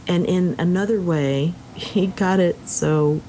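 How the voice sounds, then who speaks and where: Speaking slowly at a fairly low pitch, this woman co-hosts a book discussion and reflects on a story in a relaxed chat. She reads passages aloud now and then, livening up when she quotes, over a slight hiss or hum.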